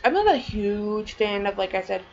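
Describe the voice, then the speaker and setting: A woman's voice: mid-range voice, sing-song, normal speed, creaky, lo-fi sound, a little hiss or hum. A woman casually chatting on a vlog, showing off her collection and rambling with lots of "um" and "like.". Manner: chatty, rambling, many fillers. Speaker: vlogger. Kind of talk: casual show-and-tell.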